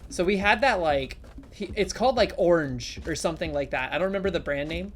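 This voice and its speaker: A woman's voice: lowish voice, expressive, brisk, slight background noise. A young adult woman streaming, chatting playfully and reading chat aloud. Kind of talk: casual live-stream chat.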